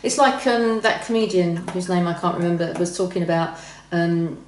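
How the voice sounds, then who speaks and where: Low-voiced woman, echoey room. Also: normal speed, slight background noise. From England. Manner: reflective, frequent "um" and agreeing murmurs. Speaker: podcast co-host. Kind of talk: casual podcast conversation. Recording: roomy, somewhat distant mic.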